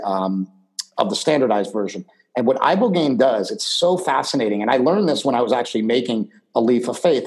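A man's voice: medium pitch, darkish tone, low-quality recording. A middle-aged man, a podcast guest, telling a long personal story in casual conversation, rambling with lots of fillers and restarts.

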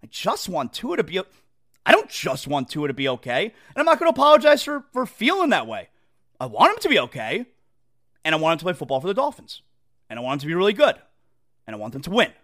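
Animated, exasperated male sports talk host. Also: on the high side. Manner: animated, exasperated, mocking quotes. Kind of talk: opinionated sports talk rant.

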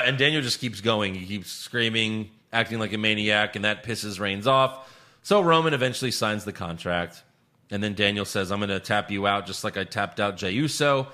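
Podcast co-host, male, bright edge, sarcastic and profane casual recap. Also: fairly low pitch, fairly quick. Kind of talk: casual wrestling recap chat.

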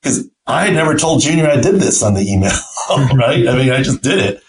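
A man's voice: mid-range voice, lively intonation, a little fast, rough recording. A middle-aged man, a podcast host and team doctor, telling an anecdote in a casual way and acting out the quoted voices. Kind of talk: casual storytelling.

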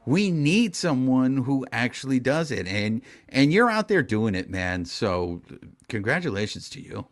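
A man's voice: mid-range voice, sing-song, measured pace. A man hosting a podcast in casual conversation, earnest and encouraging as he praises his guest. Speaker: podcast host.

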